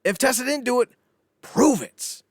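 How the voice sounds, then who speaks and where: A man co-hosting a casual wrestling podcast, ranting in an animated, sarcastic way with frequent swearing. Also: very high-pitched, a little slow, no echo, studio quality. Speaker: podcast co-host.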